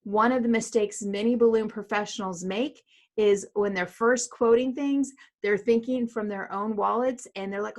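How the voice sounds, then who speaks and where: A middle-aged woman coaches small business owners in a direct, emphatic way. She hammers home her main points by repeating them. Her voice sits at an ordinary middle pitch. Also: moderate pace. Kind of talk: instructional coaching talk.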